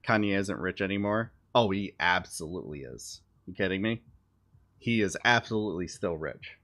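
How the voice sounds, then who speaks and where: Somewhat low-voiced yet fairly bright in tone, this man talks politics loosely on a live stream, sounding like a young parent catching up with viewers. He's animated and moderately paced, sarcastic and blunt, with casual cursing and dry side remarks.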